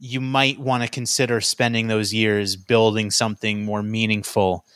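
A man's voice: fairly low pitch, flat delivery, normal speed, fairly bright tone, smooth, dry recording, clean studio sound. A man co-hosting a podcast, trading short reactions and quips in casual chat.

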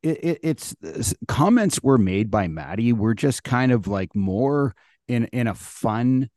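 A man co-hosting a casual sports talk show, speaking close to the mic in a dead, dry room. He rants bluntly and emphatically, swearing freely, at a middle pitch. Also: very animated, measured pace, a little mellow, no room sound. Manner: blunt, emphatic, profane ranting. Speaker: sports podcast co-host.

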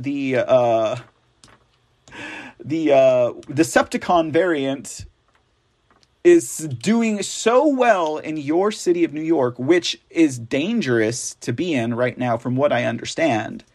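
Male news host, sarcastic and rambling, slow drawn-out talk, slightly high voice. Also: animated, darkish tone. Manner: sarcastic, rambling, with mocking asides. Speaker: host of a political news show. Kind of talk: casual commentary reading news stories.

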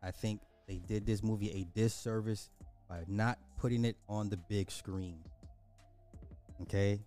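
A man's voice: fairly low pitch, steady tone, unhurried, warm tone, soft background music. A man casually reviewing a movie on a stream, talking emphatically and repeating his points for effect.

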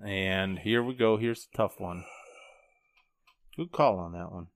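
A man's voice: low voice, a little slow, a crowd in the background. A man co-hosting a sports talk show, reading trivia and giving short, dry answers. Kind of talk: casual sports talk chat.

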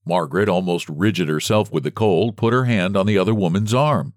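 A man's voice: sits low, a little fast, few pauses, dry recording, clean studio sound. A man reading a story aloud as an audiobook narrator. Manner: expressive storytelling. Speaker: audiobook reader. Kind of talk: scripted narration.

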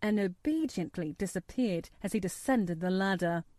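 A woman narrating a storybook in a measured, steady reading voice. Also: mid-range voice, no room sound. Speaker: audiobook narrator.

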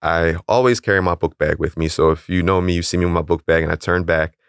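A young man calmly and plainly recounting a personal story in a casual interview. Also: low-pitched, fast talker, clean tone, no echo, studio quality. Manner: calm, matter-of-fact, chuckles at odd details.

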